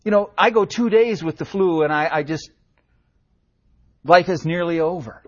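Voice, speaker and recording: A man preaching a sermon as pastor, earnest and impassioned, swinging from raised cries down to hushed, quiet lines. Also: high-pitched, normal speed. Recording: dull lo-fi sermon recording.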